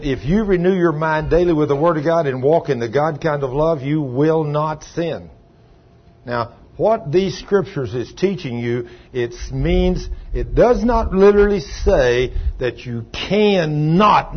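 An older man preaching a sermon in a folksy way, husky, swinging from soft asides to loud calls. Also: a little high, a little slow. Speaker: pastor. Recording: dull lo-fi sound.

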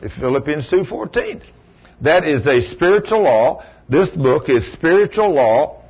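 A man's voice: fairly high pitch, big pitch swings, measured pace, slightly rough, dull audio. A man preaching a folksy sermon as pastor, asking his congregation rhetorical questions.

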